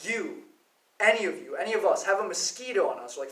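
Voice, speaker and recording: A man's voice: sits high, lively intonation, fast talker, a bit bright. Man ranting in a roomy space. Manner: profane, rambling, heated. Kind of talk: ranting monologue. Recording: roomy, distant from the mic.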